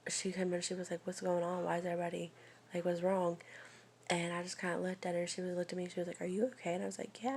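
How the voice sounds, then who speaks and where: A young woman confiding in a rambling, soft, often whispered personal vlog. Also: lowish voice, gravelly, a little hiss or hum. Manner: rambling, confiding, many fillers. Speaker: vlogger.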